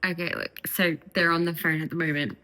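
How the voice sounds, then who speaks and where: Giggly bright-voiced young woman vlogger. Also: lowish voice, fairly even intonation, brisk, rough recording. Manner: giggly, gushing, reads excerpts aloud. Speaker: book vlogger. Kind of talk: casual reading vlog chat.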